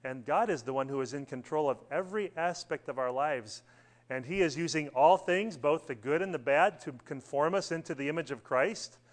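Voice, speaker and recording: A middle-aged man leads a church Bible study, his voice sitting a little high. He talks in a loose, conversational way, full of fillers, and keeps putting questions to the class. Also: normal speed, fairly bright tone.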